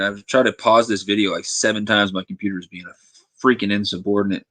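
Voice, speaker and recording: A man's voice: on the low side, fairly bright tone, no room sound, poor audio. A man casually chatting over a video on his livestream, griping about his computer and laughing often. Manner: chatty, quick to gripe and laugh. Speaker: livestream host.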